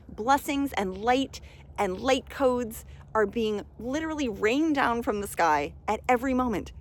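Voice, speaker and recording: A woman's voice: medium pitch, animated, normal speed. A woman coaching listeners in a casual motivational talk, earnest and often saying "like", rising to emphatic urging. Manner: earnest, says "like" often, gets emphatic and loud. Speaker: spiritual self-love coach.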